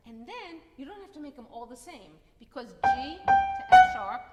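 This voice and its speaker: In an echoey concert hall where a piano plays, a woman with a high-pitched, expressive voice coaches a masterclass at a normal speed. She encourages the pianist and sings phrases to demonstrate.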